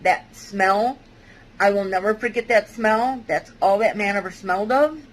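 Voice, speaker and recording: Halting woman telling a personal story. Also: medium pitch, poor audio. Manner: halting, hesitant, with many fillers and restarts. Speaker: vlogger. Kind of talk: personal testimony.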